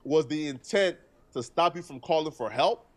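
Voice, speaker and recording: A man's voice: a little high, expressive. A man streaming live, talking through a news story earnestly and point by point. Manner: earnest, deliberate, argues point by point.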